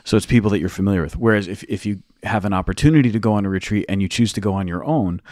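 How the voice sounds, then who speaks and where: A man's voice: on the low side, very fast, darkish tone, no echo, clean studio sound. A man co-hosting a casual podcast as a youth minister and teacher, explaining at length with many restarts.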